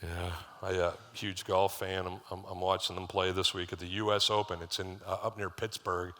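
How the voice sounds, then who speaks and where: Preaching as lead pastor, this middle-aged man tells stories conversationally and makes asides to the congregation. He speaks low and flat at a normal speed, with a sharp tone, in a live church hall full of reverb.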